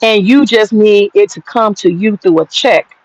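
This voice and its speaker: A woman's voice: mid-range voice, measured pace, no echo, dull audio. An American woman hosting a livestream, ranting bluntly and profanely while reading the chat. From United States. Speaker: livestream host.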